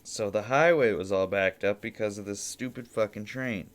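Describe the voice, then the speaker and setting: A man with a fairly low voice tells a loose, rambling story on his podcast. He swears freely and circles back over his own words as he talks from home. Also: normal speed. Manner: profane, rambling, repeats himself. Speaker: podcast host. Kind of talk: casual storytelling monologue.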